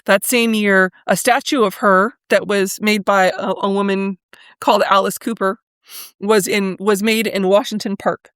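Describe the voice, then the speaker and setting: A woman hosting a solo history podcast, talking in a thoughtful, conversational way, with fillers and pauses now and then. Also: medium pitch, steady tone, fairly bright tone, clean tone, no echo, studio quality. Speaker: podcast host.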